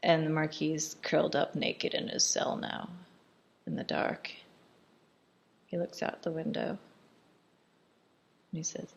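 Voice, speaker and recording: Woman, low voice, casual film commentary, amused chatty scene-by-scene recap. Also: monotone, measured pace, gravelly, pauses often, dull audio. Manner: chatty, amused scene-by-scene retelling with frequent laughs.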